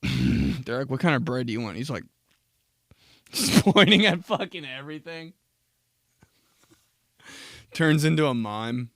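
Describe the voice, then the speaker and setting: A man's voice: mid-range voice, big pitch swings, measured pace, pauses often, a bit bright, no echo, clean studio sound. A young man hosting a casual solo podcast, rambling through profane stories and laughing at his own jokes. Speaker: podcast host.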